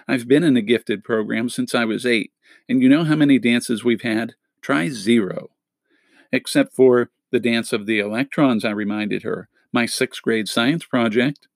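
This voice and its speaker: Gravelly male storybook narrator. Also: no echo. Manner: lifts pitch for quoted characters, drops for tags. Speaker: audiobook narrator. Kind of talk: reading a middle-grade novel aloud, voicing characters.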